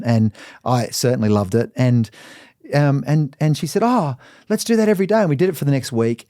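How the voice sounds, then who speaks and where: A middle-aged Australian man, a podcast guest, telling candid personal stories in an animated way. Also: mid-range voice, dry recording, clean studio sound. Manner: animated, acts out quoted voices. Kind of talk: candid storytelling.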